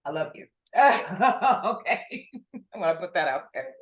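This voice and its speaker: A woman co-hosting a casual podcast, blunt and animated, swearing freely as she rants. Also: on the low side, slow pace, roomy sound. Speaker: podcast co-host.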